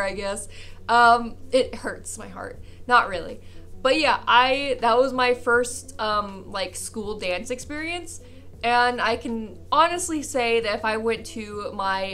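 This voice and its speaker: A young woman vlogger telling a funny personal story in a casual, animated way, acting out the people she quotes and laughing often. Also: on the high side.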